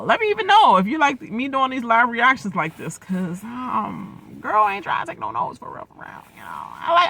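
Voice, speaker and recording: Young male reaction vlogger: loud, slangy, high and bright-toned. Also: no echo. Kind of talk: casual live reaction commentary.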